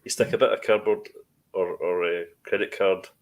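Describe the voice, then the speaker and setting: A man's voice: low-pitched, steady tone, normal speed, lo-fi sound. A man co-hosting a podcast, chatting casually and rambling with restarts. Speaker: podcast co-host. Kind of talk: casual chat.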